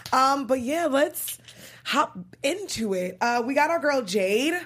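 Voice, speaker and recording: A woman's voice: sits high, slow pace. Chatty young woman hosting a recap show. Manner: chatty, animated, laughs often. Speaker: podcast host. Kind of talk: casual recap chat.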